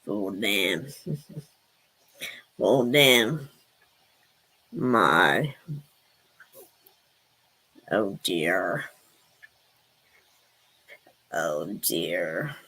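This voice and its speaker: A woman playing a gruff, indignant woman with a drawl, her voice pushed far down by a pitch-lowering filter. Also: lively intonation, extremely slow, long pauses, sharp tone, full character voice. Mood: defiant. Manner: low drawling, defiant boasts. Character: gruff indignant Southern woman, suspicious and defiant.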